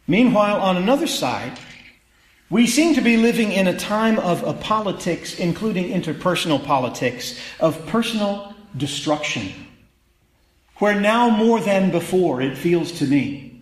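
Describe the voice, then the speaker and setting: A man's voice: sits high, lively intonation, measured pace, roomy sound, poor audio. A man preaching a sermon in a conversational, wry way that builds to emphatic peaks. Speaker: pastor.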